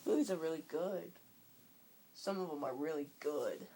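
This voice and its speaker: A man's voice: on the high side, expressive, dark tone, a little hiss or hum. Young guy with a cold, rambling. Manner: rambling, halting, many restarts. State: coming down with a cold. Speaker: vlogger. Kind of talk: casual rambling movie opinions.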